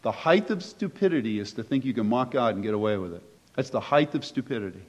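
A man's voice: mid-range voice, animated, fast. A man preaching a sermon as pastor, conversational and emphatic, posing rhetorical questions to his listeners. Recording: echoey hall, dull lo-fi sound.

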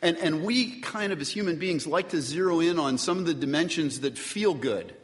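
A man preaching a sermon, animated, addressing the congregation with asides and questions. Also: a little high, normal speed. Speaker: pastor. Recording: long reverb of a large hall.

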